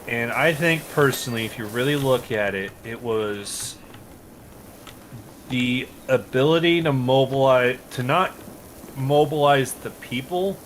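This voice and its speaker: A man rambles through his opinions in casual stream chat, cursing freely. His pitch sits in a middle range. Steady background noise sits under the voice. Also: a little slow, low-quality recording. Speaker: streamer co-host. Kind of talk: casual chat while gaming.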